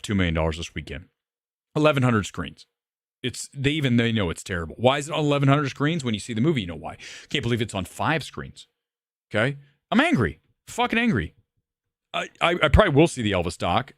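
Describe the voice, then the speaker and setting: Male livestream host, swings his pitch hard, bluntly profane film critic, close and dry sound. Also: no room sound. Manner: combative, profane, self-assured ranting. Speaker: movie review livestream host. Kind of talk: ranting livestream commentary.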